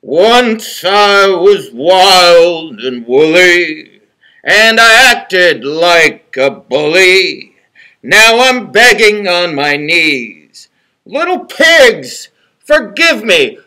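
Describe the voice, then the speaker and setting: A boastful storybook wolf, put on by a man reading aloud, speaks in a high, bright and lively voice. He is loud and theatrical, swinging up and down as he spins his tall tale. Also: a little slow, exaggerated voice. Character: boastful big bad male wolf telling tall tales.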